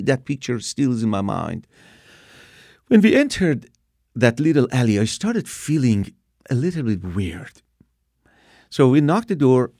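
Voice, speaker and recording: Man in his sixties, gravelly voice, dry close sound, animated storytelling. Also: mid-range voice, dry recording. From Iran. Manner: animated retelling with acted-out quotes. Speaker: guest telling his testimony. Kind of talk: personal storytelling.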